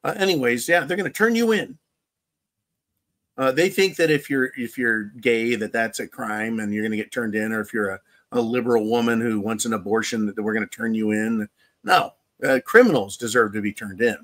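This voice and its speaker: A man's voice: medium pitch, fairly quick, fairly bright tone. A man hosting a casual political commentary livestream, rambling and sarcastic as he reads viewer chat. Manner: rambling and sarcastic, with chuckles and mocking asides. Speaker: livestream show host reading viewer chat.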